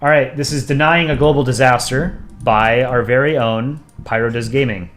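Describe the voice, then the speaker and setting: A man hosting a casual drawing livestream, chatty and relaxed, thinking aloud as he works. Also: medium pitch, normal speed, roomy sound. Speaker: streamer and comic artist.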